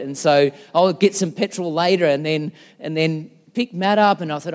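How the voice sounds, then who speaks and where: A man's voice: a little high, fairly even intonation, brisk, in a large hall. A middle-aged man preaching a sermon as a pastor, chatty and self-deprecating. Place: church.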